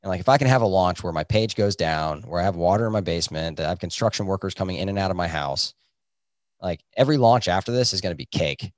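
A man's voice: low-pitched, no echo, clean studio sound. A man, a physician, answering podcast interview questions in an earnest, reflective way with many fillers. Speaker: physician and coaching program founder.

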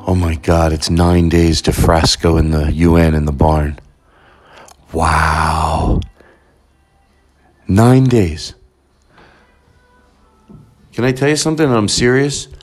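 A man hosting a podcast in excited casual chat, rambling and jumping up in pitch. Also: slow pace, pauses often, faint music behind. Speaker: podcast host.

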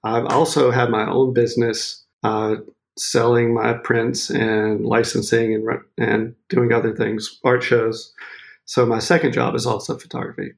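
Gravelly guy from maine telling stories, laughs a lot, does everybody's voices. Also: medium pitch, unhurried. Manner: laughing, animated storyteller acting out quotes. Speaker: photographer guest. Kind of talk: casual interview storytelling.

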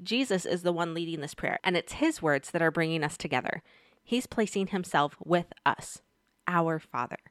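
A woman's voice: on the low side, lively intonation, moderate pace, no room sound, clean studio sound. A woman giving a casual devotional Bible lesson, chatty and speaking straight to her viewers with questions. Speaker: Bible teacher.

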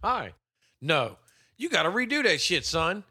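Bright, animated, profane guy. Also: high-pitched, a little slow, breathy edge. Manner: profane, laughing, jokey. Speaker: podcast co-host. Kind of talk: casual chat.

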